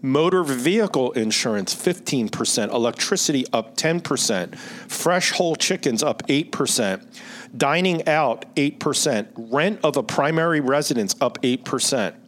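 A man's voice: medium pitch, animated, normal speed, fairly bright tone, slight background noise. Man with a philly accent, middle-aged, financial podcast host, casual explanatory talk, reads out numbers. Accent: Philadelphia. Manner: explanatory, reads out figures, asks rhetorical "right?".

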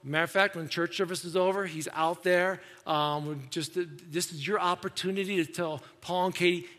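High-voiced pastor preaching in an echoey hall. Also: male voice, steady tone, normal speed, few pauses, a bit bright. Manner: conversational preaching, acts out quoted voices. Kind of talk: sermon. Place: church sanctuary.

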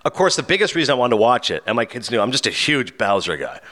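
A man's voice: medium pitch, quick pace. A man hosting a film podcast, chatting casually and animatedly reviewing a movie. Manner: animated, acts out quotes in voices. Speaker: podcast host.

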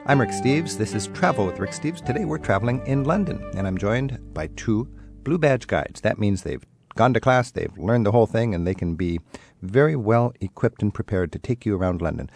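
A man hosting a radio travel show, asking curious, quick follow-up questions. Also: on the low side, expressive, creaky, darkish tone, soft background music. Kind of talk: radio interview. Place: radio studio. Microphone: studio mic.

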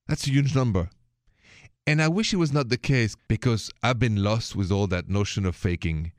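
A man's voice: fairly low pitch, moderate pace, no room sound, clean studio sound. A middle-aged man with a thick Parisian French accent, hosting a radio advice show in a chatty, playful way and slipping in French words. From France.

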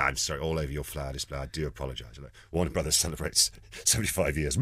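A man's voice: low voice, a bit bright, breathy edge, dry recording, studio quality. A man, a comedian guest, telling rambling stories in an interview and acting out the quoted lines. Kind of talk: anecdotal interview chat.

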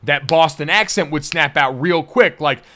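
A man's voice: on the high side, normal speed, pushed and bright. A young man hosting a sports podcast, chatting casually with energy and a joking, loose manner. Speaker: podcast host.

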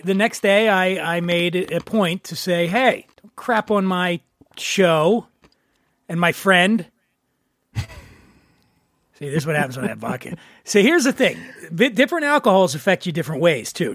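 A man's voice: high-pitched, dry recording, clean studio sound. A male podcast host in casual chat, joking loosely and swearing freely.

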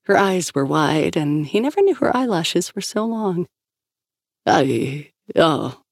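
Gravelly woman narrating a story. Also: fairly low pitch, big pitch swings, moderate pace, dry recording, clean studio sound. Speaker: audiobook narrator. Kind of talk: scripted narration.

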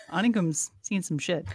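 A woman's voice: on the low side, slow, a little mellow, slightly rough, no room sound, studio quality. A woman co-hosting a podcast, joking and asking the others questions. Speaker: podcast co-host. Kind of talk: casual chat.

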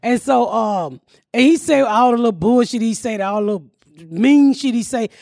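A woman's voice: fairly high pitch, moderate pace, darkish tone, no room sound, studio quality. Blunt, laughing woman comedian storyteller. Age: middle-aged. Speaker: podcast host and comedian. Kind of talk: casual storytelling chat.

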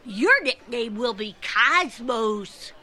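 A self-satisfied nerdy schoolboy in a cartoon, nasal and squeaky. His voice is very high and bright, it swoops up and down, and he talks slowly. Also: animated, a little hiss or hum, heavily acted. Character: smug nerdy schoolboy club leader. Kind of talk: cartoon clip.

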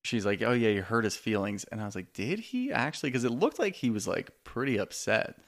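His fairly low voice moves a little fast with lively intonation. He co-hosts a podcast recapping a reality show, speaking openly and casually, dropping swear words freely, and quoting the cast.

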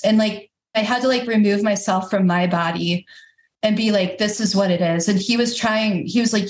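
A woman's voice: medium pitch, normal speed, a little mellow. Chatty woman in a roomy recording. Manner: candid and chatty, many fillers. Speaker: podcast guest, climber. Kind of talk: casual interview talk.

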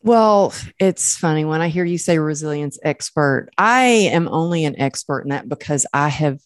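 A middle-aged woman with a Southern US accent, a guest telling her story in an effusive, warm way. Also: sits low, lively intonation, normal speed, dry recording, studio quality. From American South. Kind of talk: casual interview talk.

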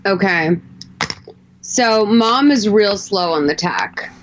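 Woman podcast host recapping a movie, swears a lot, animated, audio kinda dull. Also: medium pitch, slow, a little hiss or hum. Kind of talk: casual movie recap chat.

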